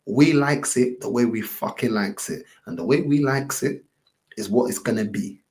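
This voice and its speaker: A man's voice: medium pitch, lively intonation, moderate pace, darkish tone. A man, ranting on a live stream in emphatic, repetitive street slang. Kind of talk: heated IRL stream rant.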